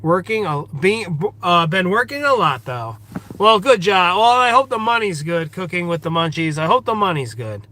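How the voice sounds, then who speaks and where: Guy livestreaming outside in the woods, reads the chat out loud, says hi to everyone by name, pretty high voice. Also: very animated, normal speed. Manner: reads viewer comments aloud and greets each viewer by name. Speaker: livestream host. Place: outdoors in a state forest.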